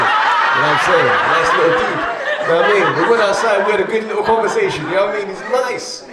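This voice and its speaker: A young man doing a stand-up comedy set, chatty and animated, often asking "you know what I mean?". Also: high voice, quick pace. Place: comedy club stage. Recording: echoey club, far from the mic, loud noise and crowd.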